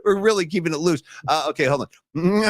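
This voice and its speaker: A middle-aged man with a somewhat high voice talks sports on a podcast, lively and joking, breaking into laughs. His voice is recorded close and dry, with no room sound. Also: fairly quick, no room sound. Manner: animated and joking, laughs often. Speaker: podcast co-host. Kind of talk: casual sports talk.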